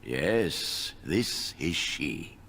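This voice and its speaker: An actor playing a kindly elderly head mage in a video game, with a gentle, grandfatherly, unhurried manner. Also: extremely low pitch, big pitch swings, heavily acted. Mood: welcoming.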